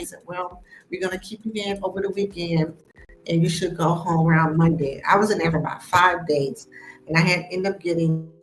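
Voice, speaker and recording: American woman hosting her own live stream, animated storyteller, echoey room, faint music underneath. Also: mid-range voice. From United States. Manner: animated, acts out quoted voices. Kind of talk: personal storytelling.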